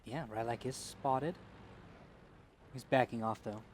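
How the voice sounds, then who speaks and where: A man giving live play-by-play commentary on an esports tank match, getting louder and quicker as the fights heat up. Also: mid-range voice, a little hiss or hum. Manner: rises to excited calls during fights. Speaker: esports caster.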